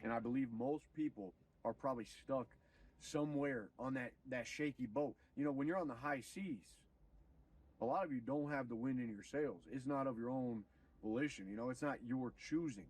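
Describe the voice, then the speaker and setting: A man streaming, retelling a story in an animated, profane, preachy way. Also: mid-range voice, normal speed, breathy edge, distant mic, poor audio. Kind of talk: casual storytelling on a livestream.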